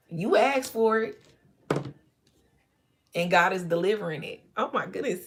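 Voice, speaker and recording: A woman's voice: medium pitch, normal speed. A woman reading tarot cards for her viewers, emotional and effusive, now and then breaking into gospel song. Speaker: tarot reader.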